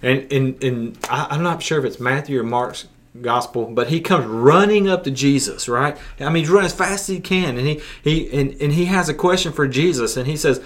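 A man's voice: a little high, moderate pace. A man hosting a casual sermon podcast for young listeners, folksy and prone to repeating words as he restarts. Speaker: youth pastor podcast host.

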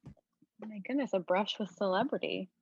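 A woman's voice: medium pitch, normal speed, a little mellow, slightly rough, dry recording, muffled recording. A woman hosting a tech podcast in a casual, playful way as she wraps up the episode. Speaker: podcast host.

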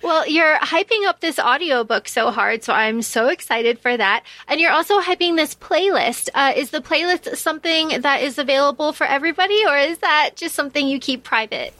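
A woman hosts a podcast in a high, bright voice, gushing with excitement. The sound is dry and close. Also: normal speed, hardly any pauses, no echo. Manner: enthusiastic, gushing. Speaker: podcast host. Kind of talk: casual podcast interview.

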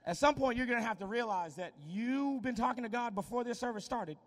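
A man preaching an energetic, humorous sermon, shouting for emphasis and joking with the crowd. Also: very high-pitched, a little fast, big-room sound.

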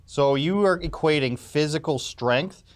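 A man's voice: a little high, unhurried. A man hosting a live talk show, teasing his co-host in a wry, joking way and laughing easily. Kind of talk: casual live-show banter.

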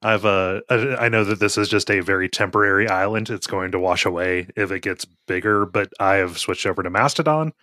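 Male co-host, lowish voice, laid-back chatty read, dry studio sound. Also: brisk, hardly any pauses, no room sound. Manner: relaxed, easy laughs, brief agreeing replies. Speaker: podcast co-host reading listener questions. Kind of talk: casual chat.

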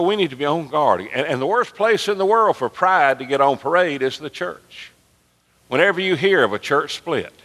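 A pastor preaching with fervor, his bright, forceful voice swelling toward near-shouts. He is recorded in a church sanctuary whose long reverb trails each phrase. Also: medium pitch. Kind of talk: sermon.

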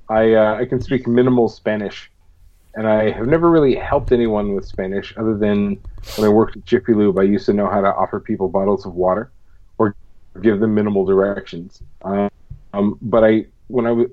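Man chatting casually, dull lo-fi sound. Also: lowish voice. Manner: loose, swears, animated storyteller. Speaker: podcast co-host. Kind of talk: casual chat.

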